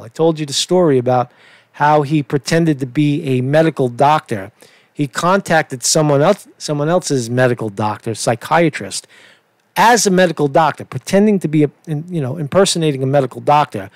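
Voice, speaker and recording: A man's voice: a little high, no echo. A middle-aged man with a Brooklyn accent, ranting profanely in a rambling commentary and often asking "right?". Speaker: online commentator.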